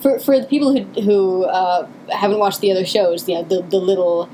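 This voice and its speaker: Woman co-host, enthusiastic fan chat, halting and chatty, faint room hum behind. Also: medium pitch, mellow, low-quality recording. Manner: chatty, many fillers and restarts, giggly. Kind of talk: casual podcast commentary.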